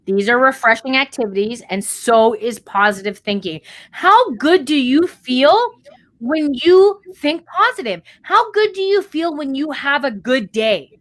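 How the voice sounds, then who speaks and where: A woman's voice: high-pitched, expressive, measured pace, fairly bright tone. A woman co-hosting a podcast, talking listeners through a motivational pep talk in a direct, coaching way with casual swearing. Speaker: podcast co-host.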